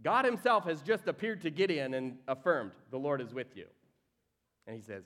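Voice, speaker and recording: A man preaching a sermon, reading scripture aloud and acting out the characters with sudden jumps in pitch and volume. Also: moderate pace. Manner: animated, acts out quoted voices with big swings in pitch and volume. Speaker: pastor.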